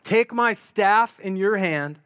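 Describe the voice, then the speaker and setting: A man's voice: high voice, slow pace, fairly bright tone, clear, resonant tone. A man doing a commanding old prophet. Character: old male prophet giving firm orders.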